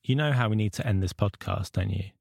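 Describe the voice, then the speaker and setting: A woman's voice: very deep voice, fast talker, gravelly, darkish tone, slightly rough, no echo, studio quality. A woman co-hosting a podcast, chatting casually and teasing her co-host dryly. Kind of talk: casual chat.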